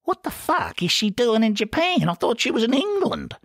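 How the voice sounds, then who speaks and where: A man's voice: extremely high pitch, huge pitch swings, normal speed, a bit bright, dry recording, clean studio sound, voice pushed up, heavily acted. Man doing a foul-mouthed little Aussie bogan. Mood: indignant. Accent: broad Australian. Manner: crude, swearing, blunt.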